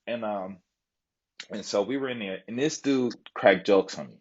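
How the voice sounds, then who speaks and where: A man's voice: low voice, moderate pace, husky, muffled recording. A man telling a long story on a live stream in a rambling way, with lots of fillers and asides. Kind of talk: casual storytelling chat.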